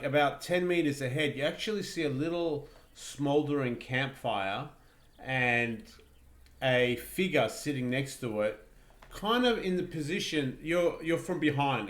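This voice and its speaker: A man narrating a tabletop game as game master, rambling through his descriptions with halting restarts. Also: mid-range voice, a bit bright, echoey room.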